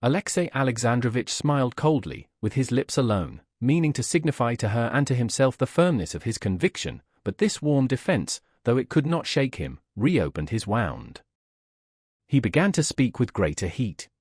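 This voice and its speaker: A man reads a classic novel aloud in steady, scripted narration. His voice is husky and mid-pitched, with animated intonation. The recording is dry and close, with no room sound. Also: moderate pace, no echo. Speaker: audiobook narrator.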